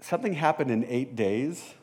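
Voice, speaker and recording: A man's voice: medium pitch, animated, moderate pace, darkish tone. A man preaching a casual sermon, talking conversationally and with some self-deprecation, and addressing the congregation directly.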